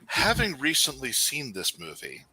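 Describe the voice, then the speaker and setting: A man's voice: mid-range voice, wildly swooping pitch, unhurried, a loud crowd. A man co-hosting a podcast who gives blunt, emphatic opinions in precise wording. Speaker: podcast co-host. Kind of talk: casual podcast banter.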